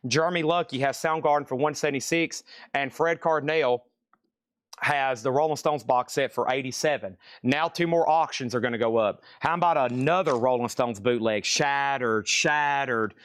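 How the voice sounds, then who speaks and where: A man's voice: medium pitch, normal speed, a bit bright, clear, resonant tone, dry recording, clean studio sound. A man hosting a live-streamed record auction, joking around and repeating items and prices. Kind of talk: live-stream sales patter.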